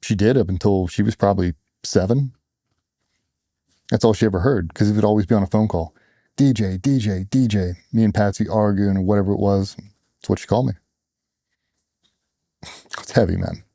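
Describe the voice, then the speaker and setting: Blunt, dark-voiced man telling his story. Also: fairly low pitch, a little fast, gravelly, pauses often, dry recording, studio quality. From United States. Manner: earnest, blunt, quotes others in raised voices. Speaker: interview guest, former special operations operator. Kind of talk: candid conversational storytelling.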